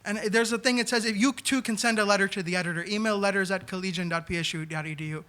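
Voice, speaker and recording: A man in his thirties from New York City telling a comic story on a theater stage, animated, acting out the voices he quotes. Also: high voice, fast talker. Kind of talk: live comedic storytelling. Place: small theater stage, live audience.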